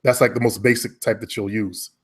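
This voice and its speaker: A man coaching a client in online marketing over a casual call from home, relaxed and rambling, often correcting himself. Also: lowish voice, a little fast, slightly rough.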